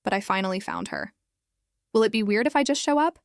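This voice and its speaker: A woman's voice: mid-range voice, wildly swooping pitch, brisk, dry recording, clean studio sound. A woman voicing a young runaway prince, chatty and a little nervous.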